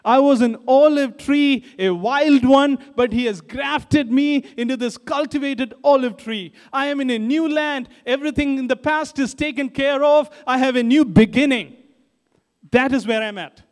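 Male preacher playing a tearful, devoted woman: high, fervent, repetitive, hall reverb. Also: normal speed. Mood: fervent devotion. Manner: fervent first-person retelling, repeating phrases. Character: weeping repentant woman, overwhelmed with devotion.

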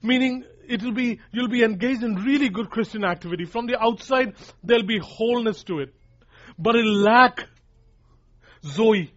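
High-voiced male preacher, emphatic sermon. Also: moderate pace, a bit bright. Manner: emphatic, repeats lines for emphasis, addresses listeners as guys. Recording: dull lo-fi recording.

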